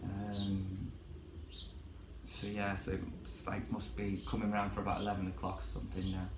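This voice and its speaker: A man's voice: low voice, completely flat delivery, normal speed, roomy sound, noisy background. A man ranting casually to his vlog audience from his bedroom, swearing freely and rambling with many fillers. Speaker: vlogger.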